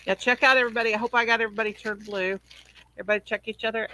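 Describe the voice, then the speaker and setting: A woman's voice: a little high, steady tone, very fast, sharp tone, poor audio. A woman hosting a casual livestream, chatty and teasing. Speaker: livestream host.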